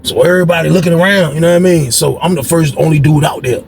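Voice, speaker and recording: A man's voice: on the high side, quick pace, creaky, a little mellow, a little hiss or hum. A man from Norfolk, telling a story casually and animatedly, full of slang, constantly saying "man" and "bro". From Norfolk, Virginia.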